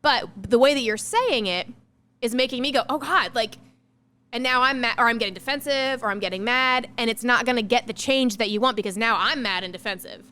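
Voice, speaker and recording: A woman's voice: a little high, fairly quick, bright, forceful tone, clean tone. A woman co-hosting a podcast in casual chat, explaining an idea at length with everyday examples. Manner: explanatory, laughs easily. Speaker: podcast co-host.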